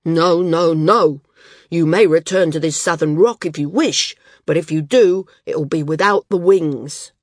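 A woman's voice: deep voice, normal speed, few pauses, darkish tone, dry recording, studio quality. Woman voicing a stubborn, angry landsman. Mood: insistent. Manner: insistent, raised voice. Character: stern male island landsman, stubborn, angry.

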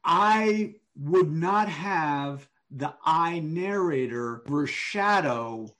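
A man giving one-on-one manuscript feedback over an online call, explaining deliberately and thinking aloud. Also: a little high, expressive, a bit bright. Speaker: writing coach.

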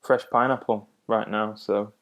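A man's voice: fairly low pitch, flat delivery, measured pace, crowd noise. A man co-hosting a music podcast in casual chat, with easygoing, joking banter.

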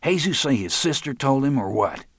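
A man's voice: medium pitch, animated, moderate pace, breathy edge, no room sound, clean studio sound, voice pushed up. A man playing a crude, menacing middle-aged man in an audiobook, blunt and slangy. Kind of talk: audiobook narration.

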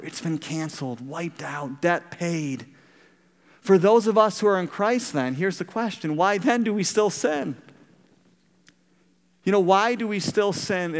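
Smooth-voiced pastor in an echoing hall. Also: male voice, a little high. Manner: storytelling, asks the congregation questions. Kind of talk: sermon.

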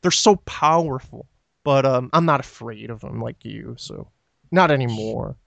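A man's voice: medium pitch, measured pace, vocal fry, highs cut off. Man, podcast co-host, casual rambling chat, dry voice, no room echo. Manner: rambling, filler-heavy storytelling.

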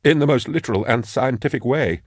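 Male narrator reading an awkward, rattled scholar; halting, hushed, trying to stay calm. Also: medium pitch, husky, no echo, studio quality, voice pushed up, natural voice. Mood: flustered. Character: nervous bookish man, awkward and rattled. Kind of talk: audiobook character voice.

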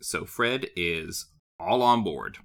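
Animated man with a lively voice. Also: low-pitched, vocal fry. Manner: animated, acts out characters' lines in quick bursts. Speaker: podcast co-host. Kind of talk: casual chat recapping a cartoon episode.

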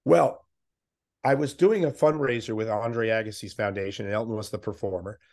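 A man's voice: lowish voice, moderate pace. An older man, a veteran sports broadcaster, telling anecdotes in a casual interview and acting out the people he quotes. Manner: animated anecdote teller, acts out quoted voices. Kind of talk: casual storytelling in a podcast interview.

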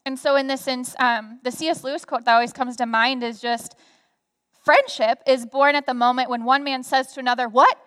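Young woman, high voice, lively chatty storyteller with lots of fillers, big reverberant room. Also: brisk. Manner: animated storytelling with many fillers. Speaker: guest speaker. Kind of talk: conversational sharing on a church stage. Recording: reverberant hall sound.

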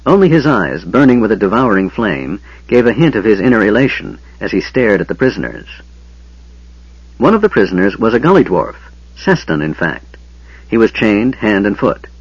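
A man narrating a fantasy novel as an audiobook reader, with expressive, varied delivery. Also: fairly low pitch, normal speed, husky, no room sound. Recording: dull lo-fi audio, dry.

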